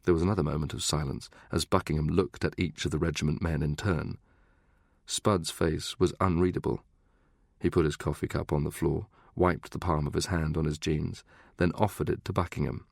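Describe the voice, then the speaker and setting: A man narrating a thriller audiobook in a steady, measured reading. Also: rumbling low, vocal fry, no room sound, studio quality. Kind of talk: scripted narration.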